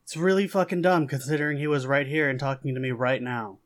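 A man's voice: medium pitch, fairly even intonation, fast talker, lightly acted. A small streetwise young man talks bluntly and swears , played by a man near his own voice. He is impatient and a little naive.

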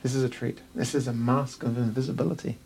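A man's voice: little pitch movement, quick pace, vocal fry, a little mellow, a little hiss or hum, close to an everyday voice. Man doing a female shopkeeper, fussy, salesy, hesitant, New Zealand accent, distant mic. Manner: sales-pitch, hesitant with ums.

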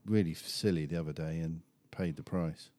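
Very low-voiced, mellow man chatting. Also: normal speed, dry recording. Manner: relaxed, hesitant, with fillers. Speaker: podcast co-host. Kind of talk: casual chat.

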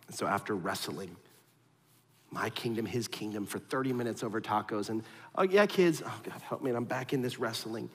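A man's voice: fairly low pitch, fairly even intonation, a little fast, fairly bright tone. A pastor in his thirties preaching a conversational sermon, telling stories against himself and speaking straight to his listeners. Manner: storytelling, self-deprecating, direct address to the congregation. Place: church auditorium. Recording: long reverb of a large hall.

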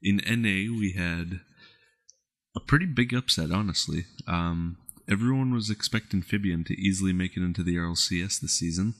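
A man's voice: sits low, normal speed, fairly bright tone. A man on a podcast casually recapping a weekend's esports tournament results. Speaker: esports news segment presenter. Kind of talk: casual chat.

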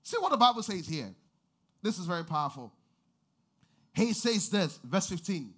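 A male pastor with a very high voice delivers a sermon. His tone is bright and forceful, moving from quiet scripture reading to shouted, sing-song calls to the congregation. He speaks as a preacher working the room. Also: sing-song, normal speed, slightly rough.

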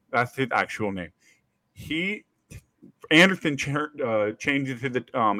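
A man hosting a casual sports podcast, telling stories with lively acted-out quotes and casual swearing. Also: mid-range voice, dry recording. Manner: animated storyteller, acts out quotes, swears casually. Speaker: podcast host.

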